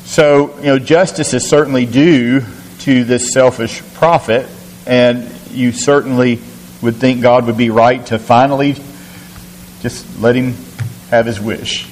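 A man's voice: mid-range voice, fairly even intonation, a little slow, long reverb tail, slight background noise, low-quality recording. A man teaching a recorded Bible lesson in an earnest, questioning way, often repeating words as he thinks.

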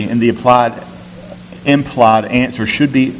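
A man's voice: medium pitch, steady tone, unhurried. Preaching man in an echoey hall. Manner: teaching, rhetorical questions, repeats words as he restarts. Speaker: pastor. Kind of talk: sermon. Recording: echoey hall, faint hiss.

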